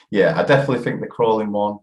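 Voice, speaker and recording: A man's voice: fairly low pitch, a little mellow. A man hosting a casual podcast, laughing easily and posing questions. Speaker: podcast host. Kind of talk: casual chat. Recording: echoey room.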